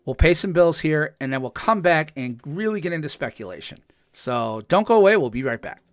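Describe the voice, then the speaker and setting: A man hosting a podcast, recapping a TV episode in a casual, excited way, full of ums and restarts and acting out the characters' lines. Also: a little high, a little fast, no echo, studio quality. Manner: chatty, with frequent ums and restarts. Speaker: podcast host.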